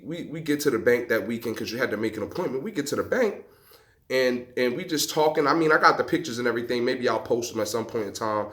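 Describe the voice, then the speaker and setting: Guy on a rowing machine in his outdoor gym, chatting a story to viewers, big jumps in his voice when he acts out what folks said, middle-pitched. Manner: lively, emphatic storyteller, acting out quotes with big pitch jumps; rowing on an exercise machine while talking. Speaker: vlogger.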